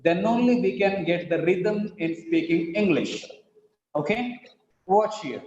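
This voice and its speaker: A patient male English teacher leads an online phonetics lesson and says each word slowly to show where the stress falls. His voice sits fairly high and sounds echoey and dull, like a room heard over a web call, with faint hiss behind it. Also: a little mellow. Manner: patient, repeats words slowly to model stress.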